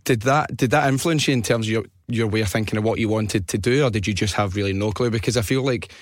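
Male podcast host; quick, low-pitched, bantering questions; dry close mic. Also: no room sound. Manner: chatty, banter-filled questions. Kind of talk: casual interview chat.

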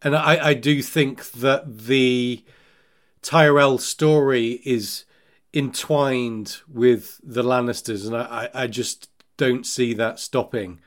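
A man's voice: mid-range voice, fairly even intonation, slow pace. A man hosting a podcast, discussing fantasy book lore casually, often stammering at the start of a thought and reading out listener questions. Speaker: podcast host.

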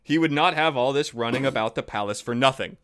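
A man's voice: mid-range voice, quick pace, fairly bright tone, smooth. A man co-hosting a podcast, reading a folk tale aloud and breaking off for dry, wry asides. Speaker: podcast co-host, story reader.

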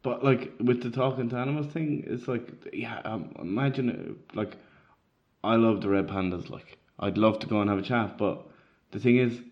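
A man's voice: mid-range voice, normal speed. A young Irish man in casual chat who rambles with lots of fillers and laughs easily. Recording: dull lo-fi recording.

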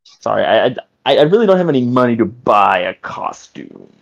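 A man's voice: mid-range voice, sing-song, moderate pace, creaky. A man voicing a nervous, broke young stretchy hero who hesitates and fills his speech with ums. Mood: sheepish. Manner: hesitant, full of ums, eager to please. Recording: dull lo-fi audio.

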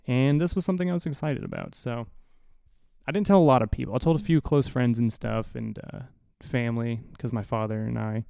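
A man hosting a podcast, spinning a casual story in a rambling, swear-laden, self-mocking way. His voice is mellow and smooth, caught close and dry on a studio mic. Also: mid-range voice, a little fast, no echo. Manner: rambling, profane, self-deprecating, with many restarts. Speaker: podcast host. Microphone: studio mic through an audio interface.

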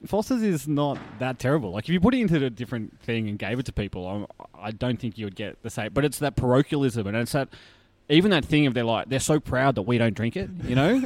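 A man with an Australian accent, chatting as a podcast guest, lively with lots of fillers and laughs. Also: mid-range voice, quick pace, no echo. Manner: chatty and animated, many fillers, laughs often. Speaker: guest, brewery tour operator. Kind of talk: casual podcast interview.

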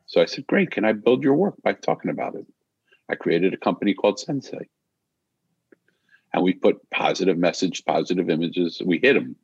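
Older man, deep husky voice, reflective personal storytelling, close and dry, dull lo-fi sound. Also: a little mellow, no echo.

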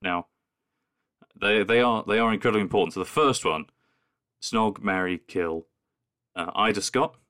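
A man's voice: lowish voice, normal speed, long pauses, fairly bright tone, no echo, clean studio sound. A man co-hosting a podcast, chatting casually and reading listener emails aloud with jokey asides. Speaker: podcast co-host.

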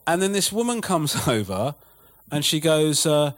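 Man, storyteller, cursing, higher-pitched side, lively anecdotes. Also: a little slow. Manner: animated, swearing, laughing through stories. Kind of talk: casual storytelling chat.

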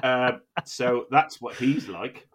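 A man's voice: medium pitch, takes it slowly, a bit bright, breathy edge. A man hosting a comedy podcast, talking in a sweary, mock-outraged joking way. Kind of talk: casual comedic chat.

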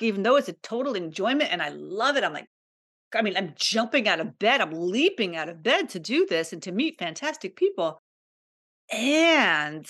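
A woman hosting her own podcast in an open, confiding monologue. She talks with raw emotion, circles back and repeats phrases, and leans in to speak directly to her listeners. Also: fairly low pitch. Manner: candid, emotional, repetitive, confiding. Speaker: podcast host.

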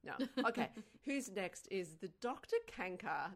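A woman's voice: medium pitch, very animated, a little slow. A woman co-hosting a podcast in casual movie chat, explaining points emphatically and enthusiastically, often stumbling over her words. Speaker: podcast co-host.

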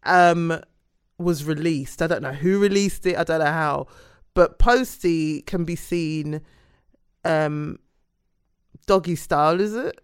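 A woman's voice: low voice, takes it slowly, pauses often, clear, resonant tone. A woman co-hosting a casual chat podcast, often laughing and trailing off mid-sentence. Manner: giggly, trails off and restarts. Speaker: podcast co-host.

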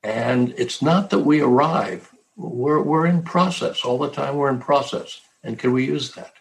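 An older man, a podcast guest, thinking out loud in a thoughtful way and quoting himself as he goes. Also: medium pitch, a little slow, gravelly, rough recording. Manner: thoughtful, speaks in restarts, quotes himself. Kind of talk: reflective casual chat.

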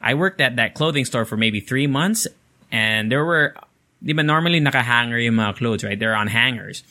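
A man's voice: medium pitch, normal speed, bright, forceful tone. A young man, telling a story in casual, rambling talk full of swearing and fillers.

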